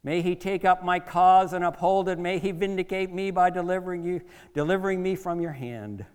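A man voicing a young warrior who pleads with a king and then defies him, speaking in a loud, impassioned declamation. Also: high voice, a little fast, smooth, big-room sound, voice pushed up, lightly acted. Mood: indignant.

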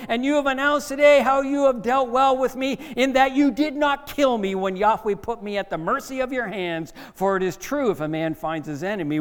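A man's voice: high-pitched, clean tone, long reverb tail, pitched above the performer's own voice. A man voicing an aging king who cries out with remorse and pleads with the man he hunted.

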